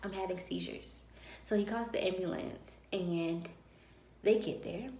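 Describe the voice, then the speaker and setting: A woman's voice: lowish voice, measured pace, slight background noise. Woman vlogger telling her story, roomy room. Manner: animated, acts out dialogue. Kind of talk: personal storytelling. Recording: roomy echo.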